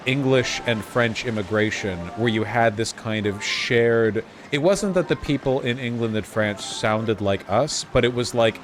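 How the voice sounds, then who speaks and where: An American man chatting casually and joking as he streams a video game. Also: mid-range voice. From United States. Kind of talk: casual gameplay commentary. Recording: game music playing behind.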